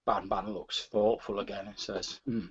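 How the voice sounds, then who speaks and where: A man narrates a tabletop game as its game master, stumbling and repeating words as he goes. His voice is slightly low and husky. The recording sounds dull and lo-fi. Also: moderate pace.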